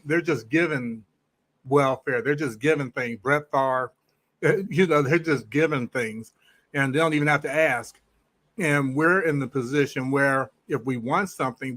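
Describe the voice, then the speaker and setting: A man joins a live stream as a caller. His voice sits a little higher than most men's. He lays out his point in a steady, thoughtful way, pausing now and then to search for words. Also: dry recording, poor audio. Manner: measured, thoughtful, with hesitations. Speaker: guest caller. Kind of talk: casual call-in commentary.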